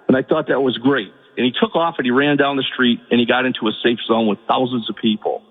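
A man calling in to a radio talk show, telling a story in a halting, emotional way. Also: medium pitch, slightly rough. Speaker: caller. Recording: phone line with long reverb.

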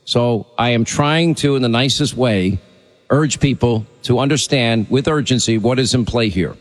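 A man's voice: mid-range voice, moderate pace, big-room sound. A man hosting a talk radio show, speaking in an urgent and insistent way.

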